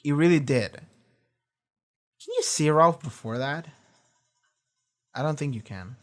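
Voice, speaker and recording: A man giving casual, animated reaction commentary from a home streaming setup, swearing often and restarting his sentences as he rambles. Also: fairly high pitch, slow.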